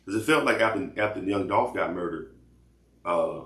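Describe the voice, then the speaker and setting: Man, very low voice, casual rambling commentary host, roomy echo. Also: normal speed, fairly bright tone. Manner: loose rambling talk with repeated restarts.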